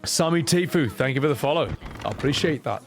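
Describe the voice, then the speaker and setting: A man's voice: on the high side, expressive, quick pace, vocal fry, a little hiss or hum. A young man live-streaming a game, chatting casually with viewers in rambling, swearing rants.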